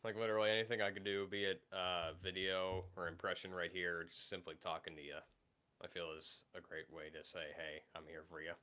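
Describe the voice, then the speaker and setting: A man's voice: low voice, level tone, brisk, sharp tone. A man hosting a casual live stream, rambling and hesitant with many fillers while recovering from being sick. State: recovering from illness. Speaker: livestream host reading chat.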